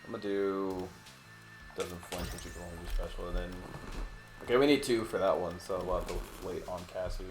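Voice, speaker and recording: A man's voice: sits low, fairly even intonation, a little fast. A man hosting a let's play, talking casually and rambling through co-op gameplay commentary with the odd swear. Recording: echoey room, faint game music.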